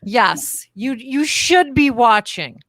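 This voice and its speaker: A playful, upbeat woman co-hosting a chatty podcast. Her voice sits a little high and swings widely in pitch. It is recorded close and dry, with no trace of room echo. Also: big pitch swings, takes it slowly, fairly bright tone. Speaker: podcast co-host. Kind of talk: casual chat.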